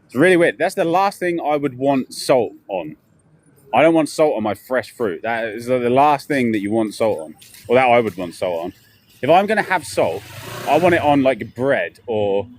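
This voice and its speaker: A man's voice: mid-range voice, animated, moderate pace, a little hiss or hum. Chatty man rambling on a street walk. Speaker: vlogger. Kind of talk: casual walking live stream. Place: outdoors on city streets. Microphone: handheld camera while walking.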